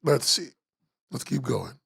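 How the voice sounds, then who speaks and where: A man's voice: medium pitch, very animated, measured pace, creaky, fairly bright tone, husky. A man hosting a webcomics podcast, ranting sarcastically as he critiques comic pages, swearing and laughing.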